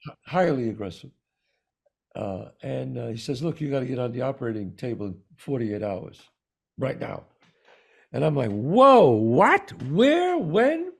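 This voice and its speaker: A man with a New York accent, co-hosting a talk show and telling a personal story in an animated way, acting out the voices of the people in it. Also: medium pitch, moderate pace, creaky, pauses often, breathy edge. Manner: animated storyteller, acts out quoted dialogue. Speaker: podcast co-host. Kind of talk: storytelling in casual conversation.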